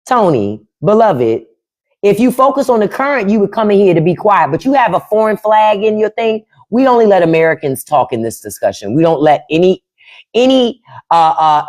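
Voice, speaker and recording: A woman's voice: on the low side, a little mellow. A woman hosting a livestream from home, giving blunt, profane opinions and answering her chat. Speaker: podcast host on a livestream. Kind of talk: unfiltered political livestream rant.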